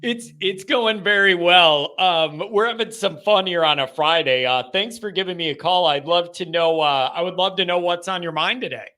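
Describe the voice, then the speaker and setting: A man hosting a live sports call-in show, talking in an animated and mocking way. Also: high voice, moderate pace, few pauses. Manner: animated and mocking, with sudden swings in delivery.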